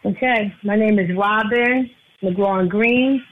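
A woman's voice: mid-range voice, slow, a little hiss or hum. A woman calling into a radio show as an insurance agent guest, talking earnestly and repeating her phone number. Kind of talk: casual radio talk. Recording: tinny phone line.

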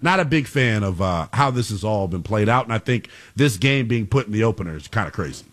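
A man's voice: lowish voice, expressive, brisk. A man co-hosting a sports talk show, arguing his point emphatically and repeating himself. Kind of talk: heated sports debate.

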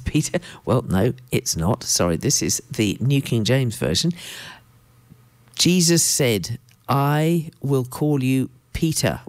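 A woman preacher with a low voice reads scripture and comments in a lively, swinging tone. She speaks with emphatic asides, recorded close and dry. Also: no room sound. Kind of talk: sermon with Bible reading.

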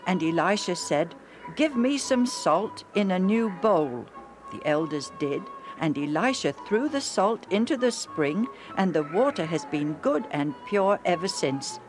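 A woman's voice: on the low side, measured pace, over music, voice pushed up. A woman voicing Joe, a bored, restless boy who grumbles and daydreams eagerly. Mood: insistent. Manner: grumbling, then wistful and excited.

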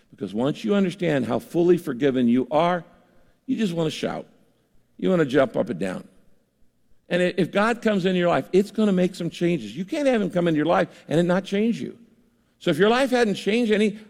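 A man's voice: fairly high pitch, vocal fry, a little mellow, in a large hall. An older man preaching a sermon in an earnest, conversational way, speaking to a large church auditorium. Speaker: pastor.

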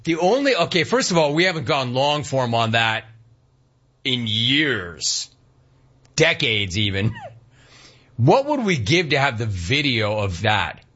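Male radio host, lively pitch, storyteller, slightly dull lo-fi audio. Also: unhurried, pauses often, husky. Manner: animated storytelling, laughs at clips. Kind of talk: casual talk radio banter.

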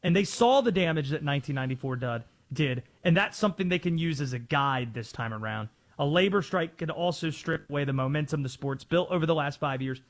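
Male sports talk host, high and animated, opinionated. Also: fairly quick, few pauses. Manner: assertive, opinionated.

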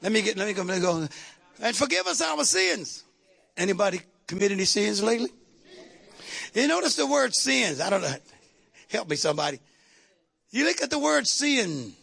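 A man preaching a sermon to his congregation, calling out to the crowd and shouting at the peaks. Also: high voice, big pitch swings, brisk, vocal fry, long pauses, slightly rough. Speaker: pastor. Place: church sanctuary.

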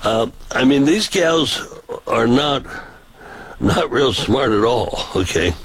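This mid-range voice belongs to an older street preacher spinning folksy, rambling tales with frequent restarts. He sounds animated yet slow, with a breathy edge; the recording is low quality and has no room sound.

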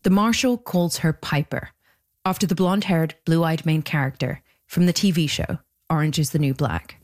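Low-voiced woman narrating a documentary. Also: normal speed, darkish tone. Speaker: podcast host and narrator.

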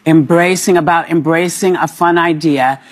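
A TV panel host briskly summarizing a news story to open a discussion. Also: mid-range voice, fairly even intonation.

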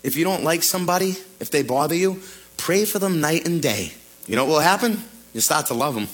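A man pastor preaching an animated radio sermon, retelling scripture in lively paraphrase. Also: a little high, fairly quick, faint music behind, rough recording.

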